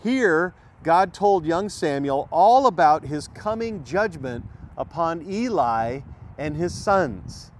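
A man's voice: fairly high pitch, expressive, slow pace, a little hiss or hum. A man preaching a sermon in an emphatic way, repeating key phrases and asking rhetorical questions.

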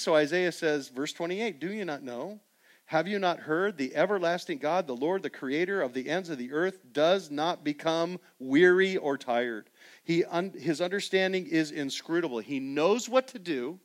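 A middle-aged man preaching a sermon as pastor, emphatic and building to loud peaks. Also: a little high, expressive, normal speed.

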